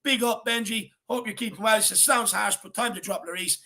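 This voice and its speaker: A man's voice: sits high, steady tone, a little fast, gravelly, bright, forceful tone. A man with an Irish accent hosting a football fan show, talking casually and energetically, calling people "my man" and "brother.".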